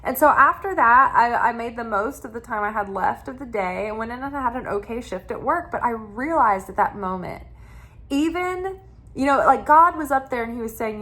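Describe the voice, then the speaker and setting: A woman's voice: a little high, animated, moderate pace, bright, forceful tone. Chatty woman telling a personal story. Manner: chatty and rambling, with frequent restarts. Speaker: tarot reader and spiritual channel host.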